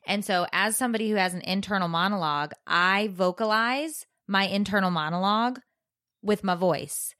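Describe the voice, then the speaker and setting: A woman in her forties chatting casually as a co-host, animated and acting out the voices in her stories. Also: mid-range voice, moderate pace, dry recording, clean studio sound. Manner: animated storyteller, acts out voices. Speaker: podcast co-host. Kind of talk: casual chat.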